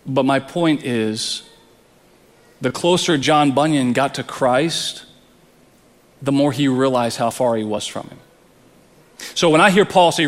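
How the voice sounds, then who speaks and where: A man's voice: mid-range voice, moderate pace, pauses often, long reverb tail. A man preaching a sermon as pastor, earnest, often repeating words as he presses a point.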